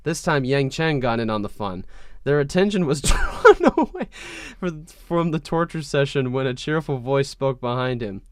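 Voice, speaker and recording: Male comedy podcast host, smooth clear voice, dry close mic, mock-dramatic reader. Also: medium pitch, sing-song, normal speed, no room sound. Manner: reads aloud with mock-dramatic character voices, laughing at the text. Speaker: podcast host reading fan fiction aloud.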